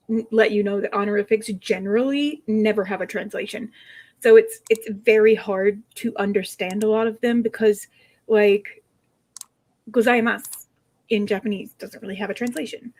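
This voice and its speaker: A woman's voice: medium pitch, steady tone, moderate pace, a little mellow. A young adult woman chatting casually, telling stories with laughter and playfully teaching foreign phrases. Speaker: streamer chatting with a co-host. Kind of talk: casual chat.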